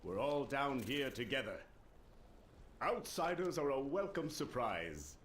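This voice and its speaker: A hopeful male villager of an underground settlement in a fantasy game. He greets outsiders in an earnest, steady way at a mid pitch. Faint noise sits behind the game audio. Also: a little slow.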